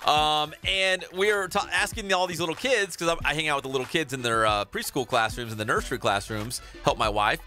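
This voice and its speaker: Brief: upbeat male sports radio host, bright forceful voice, a bit high. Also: brisk, hardly any pauses, faint music behind. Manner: joking storyteller. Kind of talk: casual radio banter. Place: radio studio.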